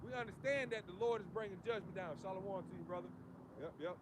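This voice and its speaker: Man, street preaching, high voice, emphatic and preachy, loud street noise behind. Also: fast. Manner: emphatic, preachy, peppers lines with "man" and "you see".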